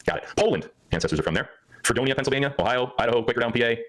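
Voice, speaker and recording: A livestream host with a mid-range, fairly bright voice talks very fast and animatedly in a hyper, joking ramble. He laughs often. The recording quality is rough.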